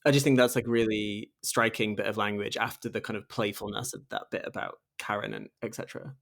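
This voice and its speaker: A man's voice: lowish voice, lively intonation, a little fast, gravelly, fairly bright tone. A man hosts a book podcast and goes through a poem line by line. He sounds enthusiastic and casual. He keeps checking in with "right?" as he talks. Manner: enthusiastic, says "like" and "right?" a lot. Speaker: podcast host. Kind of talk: close reading in casual conversation.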